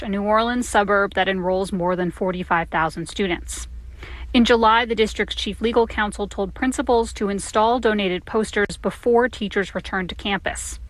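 A woman reporting a scripted radio news piece as a correspondent, steady and crisp. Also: mid-range voice, no echo, low-quality recording.

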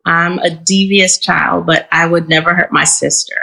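A woman from Houston, Texas, telling a true personal story in first person, in an earnest, measured, reflective way. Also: on the low side, steady tone, gravelly, bright, forceful tone, poor audio. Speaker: storyteller and guest.

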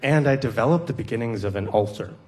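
A man's voice: medium pitch, fast talker, background noise. A man from the American Midwest telling a personal story on stage in an earnest, reflective way with touches of wry humor.

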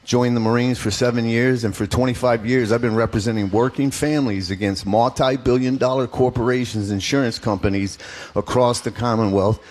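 A man's voice: mid-range voice, fairly even intonation, a little fast, a little mellow. A middle-aged man speaking as a political candidate in an interview, telling his story emphatically and earnestly.

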